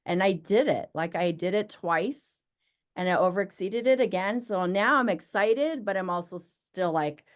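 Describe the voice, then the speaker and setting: A woman who owns a business, talking as an interview guest and acting out her own excited thoughts as she tells her story. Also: medium pitch, moderate pace. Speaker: interview guest, med spa owner. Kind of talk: casual interview conversation.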